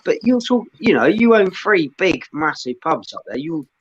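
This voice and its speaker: A man's voice: a little high, very animated, normal speed, husky, no echo, dull audio. Rambling, swearing man telling pub stories. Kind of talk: casual banter.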